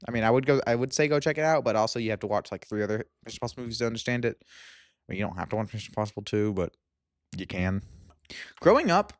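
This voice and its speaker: A young man talks through a casual movie review vlog, gushing and full of fillers. His pitch leaps up and down as he gets worked up. The sound is dry and close, with no room around it. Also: quick pace, no room sound. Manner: excitable, gushing, lots of "like". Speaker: movie vlogger.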